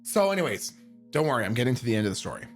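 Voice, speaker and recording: A man telling a story with a pitch that leaps up and down. He swears freely and breaks into sudden shouts as he acts it out. Soft music plays faintly behind him. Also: racing. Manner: animated, profane, bursts into shouts. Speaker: streamer. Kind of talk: casual storytelling.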